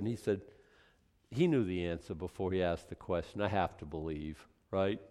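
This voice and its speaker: A man's voice: low-pitched, expressive, normal speed, warm tone. A male pastor with a Boston accent, preaching a conversational sermon full of rhetorical questions and self-corrections.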